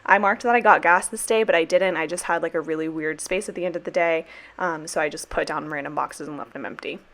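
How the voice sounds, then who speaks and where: Young woman rambling thru a planner voiceover, kinda low voice, bubbly and slangy. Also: fast, fairly bright tone. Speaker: planner vlogger and sticker shop owner. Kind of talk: casual chatty voiceover.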